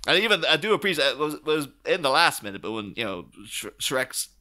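A man's voice: on the high side, very animated, fairly quick, pushed and bright. A man hosting a podcast, chatting casually and quoting film scenes with lots of laughter. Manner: chatty, quotes scenes in character, laughs a lot. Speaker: podcast host. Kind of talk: casual chat.

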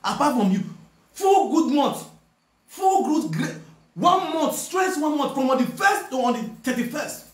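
A man's voice: extremely high pitch, big pitch swings, measured pace, roomy sound. A man speaking with a Nigerian Pidgin accent, scolding someone directly in a repetitive, confrontational rant. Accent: Nigerian Pidgin English. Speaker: online video presenter. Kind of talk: ranting direct-to-camera message.

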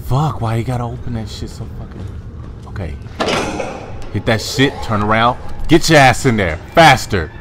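A young man playing a horror game, swearing, talking to the character he controls and yelling high when scared. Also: normal speed, noisy background. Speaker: gamer. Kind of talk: horror game let's play commentary.

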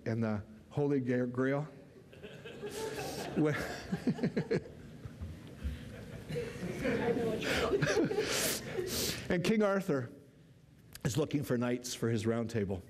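A man's voice: mid-range voice, moderate pace. A male pastor preaching a sermon, telling a story animatedly with frequent laughs and restarts. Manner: animated storytelling, laughs often, repeats words. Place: church.

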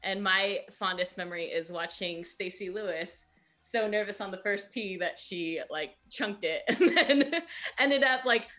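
A woman's voice: mid-range voice, a little slow, fairly bright tone, muffled recording. A woman, a pro golfer, chatting and laughing a lot while playing an online match. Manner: giggly, chatty, self-deprecating. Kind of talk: casual chat during a game.

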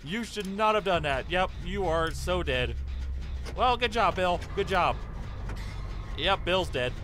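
A young man giving excitable live commentary over his gameplay, pleading with teammates and cheering at wins. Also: high-pitched. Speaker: gaming YouTuber.

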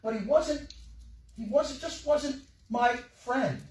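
A man preaching a sermon, telling a personal story with emotion, his voice dropping soft and rising again. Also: very high voice, slow, reverberant, far from the mic, a little hiss or hum, poor audio. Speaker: pastor. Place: church sanctuary.

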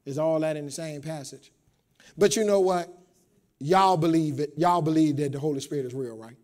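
A man preaching a sermon to a congregation in a call-and-response style, repeating phrases and building up to shouts. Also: fairly high pitch, moderate pace. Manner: repeats words, talks straight to the congregation. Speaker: pastor. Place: church.

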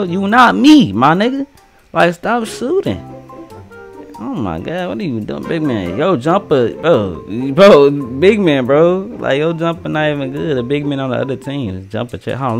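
Young male gamer, lively trash-talking play-by-play, faint music behind. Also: mid-range voice, vocal fry. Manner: animated, trash-talking, slangy, swings from mumbling to yelling. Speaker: gaming streamer. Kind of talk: casual gameplay commentary.

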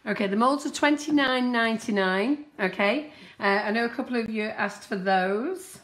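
A woman's voice: on the high side, moderate pace, fairly bright tone. Chatty woman hosting a live stream. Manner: chatty, teasing, laughs often. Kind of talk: casual live-stream chat.

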